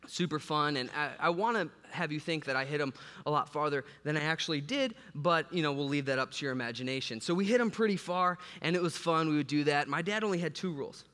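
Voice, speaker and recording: A male pastor from the south side of Chicago, preaching a sermon and telling a humorous personal story in an animated, joking way. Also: fairly high pitch, fast talker. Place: church sanctuary. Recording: long reverb from a large hall.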